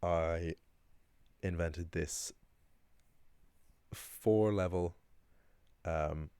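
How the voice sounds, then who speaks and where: A man with a very deep, low voice explains language points in a loose, chatty way, often pausing with ums and restarting sentences. The sound is close and dry, with no room around it. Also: dark tone, clear, resonant tone, no room sound. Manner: chatty, rambling, frequent ums and self-corrections. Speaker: Irish language teacher. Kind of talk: casual explanatory lesson.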